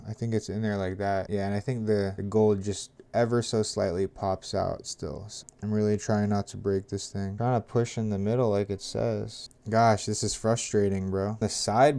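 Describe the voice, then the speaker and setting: Low-voiced man muttering through a repair. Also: gravelly, warm tone. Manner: mutters while working, grows frustrated and swears. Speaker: tech vlogger. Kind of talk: casual hands-on narration.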